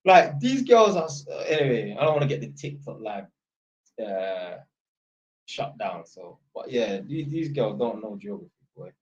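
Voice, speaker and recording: A man's voice: fairly low pitch, lively intonation, moderate pace, darkish tone, a little hiss or hum. Blunt rambling man. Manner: rambling, blunt, swears a lot. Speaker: streamer. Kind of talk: live-stream chat. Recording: dull lo-fi sound.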